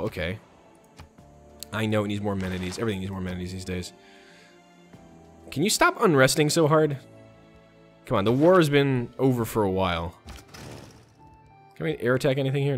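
A man's voice: medium pitch, lively intonation, quick pace, pauses often, soft background music. A man hosting a let's play, chatting casually and muttering orders to his game units. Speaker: gaming channel host.

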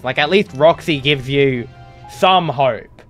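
Slow-talking sarcastic man gaming. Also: a little high, lively intonation, soft background music. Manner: sarcastic, swearing, yells at game characters. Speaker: gaming YouTuber. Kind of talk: casual gameplay commentary.

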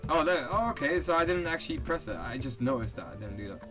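A man's voice: fairly high pitch, expressive, fast talker, over music, rough recording. A young man giving casual, profane commentary over a video game, reading its text aloud and laughing often. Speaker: let's play host.

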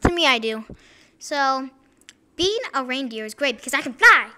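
A woman voicing an excitable young male toy reindeer who talks funny through a covered nose. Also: high voice, normal speed. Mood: proud.

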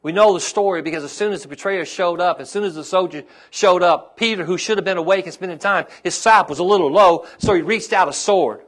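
A man's voice: high-pitched, fairly quick, hardly any pauses, a bit bright. A man, a pastor preaching a sermon to his congregation and calling out to them as his intensity rises.

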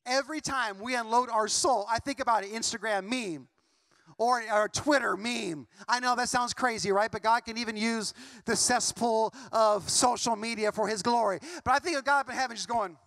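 A man's voice: very high voice, normal speed, a bit bright, dry recording. A pastor preaching a sermon with impassioned delivery, his intensity rising and falling as he acts out prayers aloud. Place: church sanctuary.

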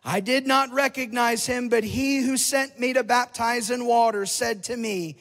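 A man preaching a revival sermon in a church, fervent, with a sing-song cadence and shouted peaks. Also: extremely high pitch, steady tone, measured pace, vocal fry, hardly any pauses. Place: large church hall. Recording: long church reverb.

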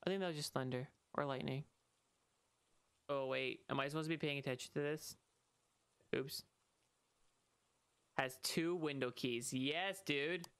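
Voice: medium pitch, steady tone, a little slow, long pauses, a bit bright, smooth. Jumpy, trash-talking young streamer. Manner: jokey, trash-talking, jumpy yelps when startled. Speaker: streamer playing a ghost-hunting game. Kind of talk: casual gaming stream commentary.

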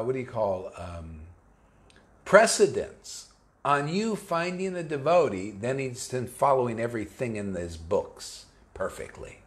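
A man giving an informal sermon to devotees, slangy and conversational, mocking the views of others. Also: on the high side. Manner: animated, mocking, acts out quoted voices. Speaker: spiritual teacher.

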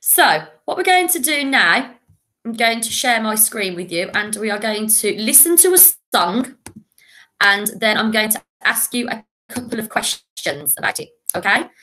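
A woman teaching a remote lesson to young children, drilling words patiently with clear call-and-repeat. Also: fairly high pitch, very animated, a little slow, sharp tone. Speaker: primary school teacher.

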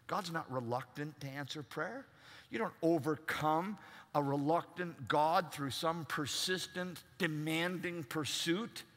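A man's voice: on the high side, a little slow, fairly bright tone. A man preaching a sermon as pastor, emphatic and acting out the voices he quotes. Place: large church. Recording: long reverb in a large church.

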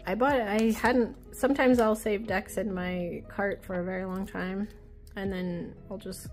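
A woman's voice: mid-range voice, steady tone, normal speed, faint music behind. A woman with a child chatting casually while flipping through an oracle deck, giggling often, wandering off-topic and teasing herself. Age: adult with a child. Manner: chatty, giggly, self-deprecating, easily sidetracked.

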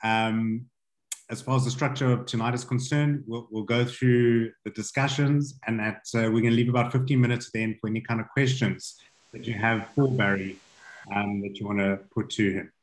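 A man's voice: medium pitch, fairly even intonation, normal speed, roomy sound, rough recording. A man hosting an event, giving an earnest introduction full of fillers. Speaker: host.

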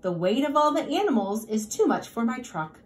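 A woman's voice: on the high side, sing-song, moderate pace. A woman voicing a kind, patient male farmer in a storybook read-aloud. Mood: calm.

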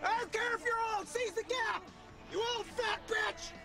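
A man playing a shrieking furious male driver, very high shrill voice, profane yelling, loud music in background. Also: steady tone, moderate pace, vocal fry. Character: shrieking enraged male driver screaming at traffic.

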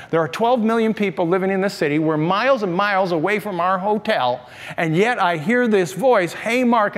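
An older male pastor with a high voice tells stories to his congregation in a lively, animated sermon. He keeps asking the room questions. His voice rings with the long reverb of a large church hall.

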